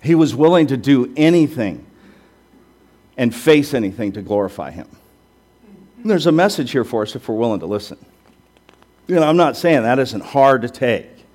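A male pastor preaches a sermon conversationally, posing rhetorical questions and making self-deprecating asides. His voice is medium in pitch with a darkish tone.

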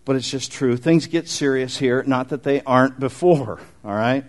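A middle-aged man preaching a sermon as pastor, conversational and animated, with asides to the congregation. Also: mid-range voice, moderate pace.

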